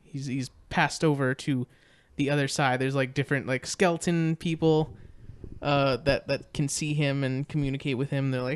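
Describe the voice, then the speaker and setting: A man on a podcast walks through a movie plot in loose, meandering chat. His voice is smooth and resonant, at a middling pitch, and full of "like" and "um". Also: fairly even intonation, moderate pace. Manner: rambling, lots of "like" and "um", restarts. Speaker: podcast co-host. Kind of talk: casual movie recap chat.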